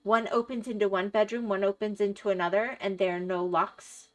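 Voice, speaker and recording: A woman's voice: mid-range voice, steady tone, brisk. Middle-aged woman rambling on stream, laughs a lot, chatty, bit of music behind. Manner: rambling, chatty, laughs often, answers chat. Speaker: livestreamer. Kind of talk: casual chat while gaming.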